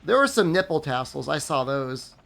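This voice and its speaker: Sleepy guy rambling on a game stream, kinda high voice, lots of "like". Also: very animated, moderate pace, vocal fry, a bit bright. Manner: rambling, loose, full of "like" and "I mean". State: tired, sleepy. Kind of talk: casual stream chat while gaming.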